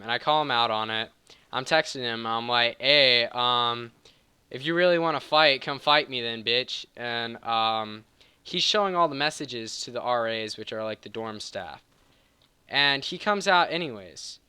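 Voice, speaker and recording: A man's voice: mid-range voice, pushed and bright, clear, resonant tone, dry recording. A man telling a rambling, heated personal story over gameplay commentary, casual and profane, often stopping to correct himself. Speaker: gaming channel host.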